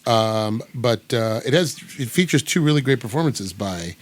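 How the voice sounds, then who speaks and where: A man's voice: mid-range voice, animated, moderate pace. A man from the United States hosting a casual podcast chat, rambling with many fillers and restarts. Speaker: podcast host.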